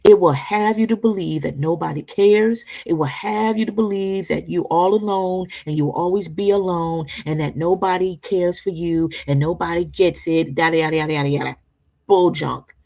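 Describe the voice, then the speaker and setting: A woman's voice: fairly low pitch, moderate pace, creaky, darkish tone. A woman co-hosting a talk show, giving an inspirational faith talk in a conversational preaching manner, often asking "right?" to draw agreement. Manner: emphatic, repetitive, seeks agreement with "right?"; conversational preaching, addresses listeners as y'all.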